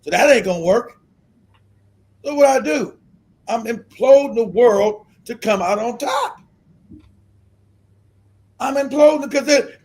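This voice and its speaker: Streamer host, man, high voice, profane combative rant. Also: expressive, takes it slowly, pauses often. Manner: profane, combative ranting, shouts at times. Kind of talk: ranting live-stream commentary.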